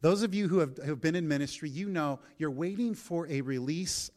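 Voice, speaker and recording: A male pastor delivers a sermon built around a personal story, acting out his prayers as he shifts between hushed, gentle stretches and loud, forceful ones. His voice is fairly high and he talks fairly quickly.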